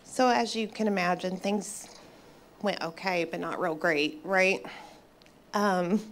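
A woman in her fifties with a lowish, fairly bright voice offers an earnest, reflective faith testimony to an audience, pausing and restarting as she speaks. There's slight background noise in the recording.

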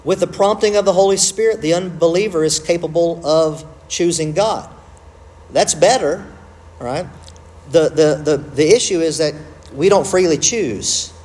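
A man teaching a church class, conversational and quick to joke at his own slips. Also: fairly high pitch, a little mellow. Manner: conversational, self-interrupting with humor.

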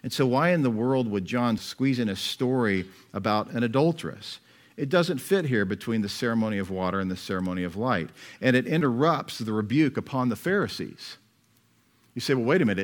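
A man's voice: on the low side, animated, a little fast. A middle-aged man, a pastor, preaching an expository sermon in a conversational way, with rhetorical questions and asides to the congregation.

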